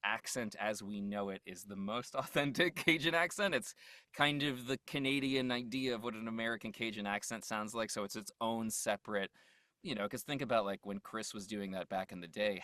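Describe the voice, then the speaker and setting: A man's voice: fairly low pitch, pushed and bright, no echo, studio quality. A man, a voice actor, talking as an interview guest in a loose, rambling way, laughing often and trailing off mid-thought. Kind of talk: casual interview chat.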